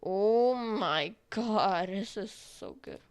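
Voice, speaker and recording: A woman's voice: mid-range voice, sing-song, slow, gravelly, dry recording. A woman giving casual gaming commentary, rambling playfully and thinking aloud. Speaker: gaming streamer.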